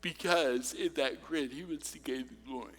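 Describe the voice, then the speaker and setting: A man's voice: mid-range voice, normal speed, a bit bright, long reverb tail, slight background noise. A man preaching a sermon, telling funny personal stories and then turning earnest and encouraging. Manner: humorous, personal storytelling. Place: church.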